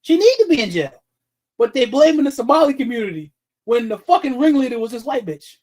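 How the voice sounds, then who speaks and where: Speaking directly into the mic, a livestream host delivers blunt, heated commentary full of swearing, breaking off to greet chat viewers by name. His very high, darkish voice is very animated and a little fast, captured on a low-quality recording.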